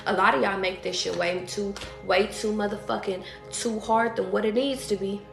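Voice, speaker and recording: A woman's voice: mid-range voice, fairly even intonation, moderate pace, vocal fry. A woman tarot reader goes off in a blunt, cussing live-stream rant, hammering her points home again and again. Her voice sits in the middle of a woman's range. The room rings with echo, and faint music plays underneath. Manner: blunt, profane, emphatic, repeats herself, preaches to her audience.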